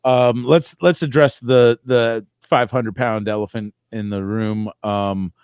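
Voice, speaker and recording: A man co-hosts a comedy podcast, spinning out long meandering hypotheticals in casual chat. His voice sits at an average pitch. The sound is dry and close. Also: fairly even intonation, takes it slowly, a little mellow, smooth, dry recording. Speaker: podcast co-host.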